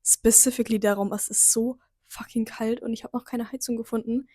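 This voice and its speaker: Young woman vlogger, mellow and complaining. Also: a little high, brisk, no echo, clean studio sound. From Germany. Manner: complaining, relaxed, uses slang. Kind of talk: casual vlog talk to camera. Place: cold hostel room, indoors.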